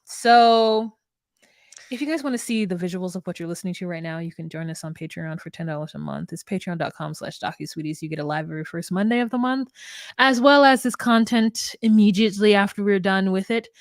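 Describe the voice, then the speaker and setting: Recapping a reality show in relaxed conversation, this woman co-hosts a podcast, laughing frequently and restarting often as her thoughts wander. Her voice is mid-range and fairly quick, recorded in a clean studio with no room sound.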